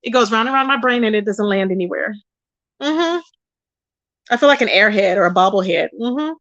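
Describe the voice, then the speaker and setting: A woman's voice: medium pitch, normal speed, highs cut off. A woman hosting a casual live stream, chatting animatedly and reading viewers' comments aloud. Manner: animated, chatty, calls viewers "child" and "baby". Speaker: livestream host reading chat. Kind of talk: casual chat.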